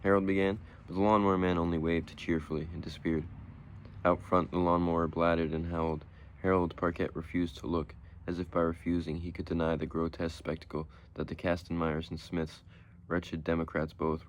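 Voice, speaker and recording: A man narrating a short horror story as an audiobook reading, in a steady, measured way. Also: deep voice.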